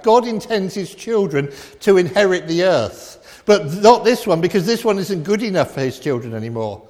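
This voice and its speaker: Preacher guy, kinda high voice, punchy repeated lines, echo hanging in a big church. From England. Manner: emphatic and repetitive, swinging from loud declarations to quiet reflection. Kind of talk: sermon. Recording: long reverb of a church hall.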